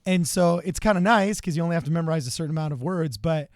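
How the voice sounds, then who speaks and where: Man, podcast co-host, casual talk, slightly high voice, dry sound. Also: fast talker, no echo. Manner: chatty, storytelling, slips into Spanish phrases. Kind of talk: casual political chat.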